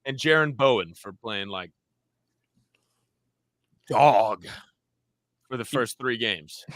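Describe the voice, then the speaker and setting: A man's voice: medium pitch, lively intonation, takes it slowly, fairly bright tone, no echo. A young man co-hosting a live football watch-along, full of casual jokes, teasing and blunt opinions. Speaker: co-host of a match watch-along. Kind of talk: casual sports banter.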